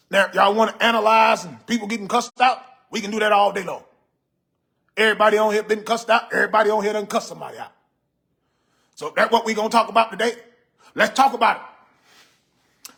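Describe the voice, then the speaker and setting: A man's voice: high voice, vocal fry, sharp tone, slightly rough, heavily acted. A man playing a sassy, old-school, gray-haired uncle, scolding and joking with viewers on a livestream. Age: 50s. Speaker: livestream host reading comments. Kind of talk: comedic character livestream. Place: room in a house. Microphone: phone on a ring light.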